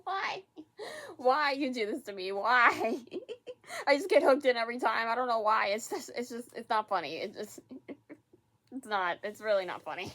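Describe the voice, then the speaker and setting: A woman hosting a casual reaction vlog, excitable and giggly, often repeating herself in quick bursts. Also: fairly high pitch. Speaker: reaction video host.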